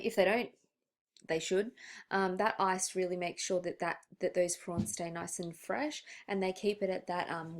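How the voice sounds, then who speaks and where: A young woman teaching a hospitality lesson, reading from slides in a chatty way with many ums, restarts and asides. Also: lowish voice.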